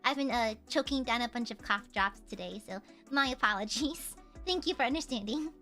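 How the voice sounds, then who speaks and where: Bright, lively streamer woman with a cough. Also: on the high side, fairly quick, faint music behind. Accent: slight American Southern. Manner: playful, teasing, bursts into shouting. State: lingering cough. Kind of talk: casual live-stream chat.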